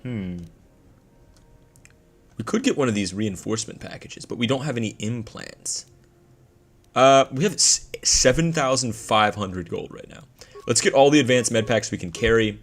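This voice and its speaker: A man's voice: medium pitch, animated, moderate pace, pauses often. A young man giving casual, rambling let's-play commentary with slang and jokes. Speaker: gameplay commentator.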